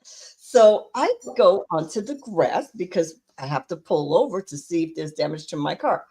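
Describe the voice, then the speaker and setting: A woman's voice: fairly low pitch, lively intonation, normal speed, dark tone, husky. Woman co-host, chatty storyteller who acts out each quoted line. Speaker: podcast co-host. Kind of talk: casual storytelling chat.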